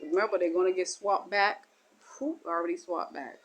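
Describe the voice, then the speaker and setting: A woman's voice: lowish voice, normal speed, rough recording. A woman delivering a spiritual monologue as a teacher, in a meandering, repetitive and folksy way. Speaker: self-styled spiritual teacher.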